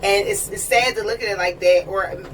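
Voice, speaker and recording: A woman's voice: medium pitch, normal speed. A woman talking in a casual personal vlog on a train, chatty and earnest, often checking in with "you know what I mean". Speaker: vlogger. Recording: distant mic with train noise.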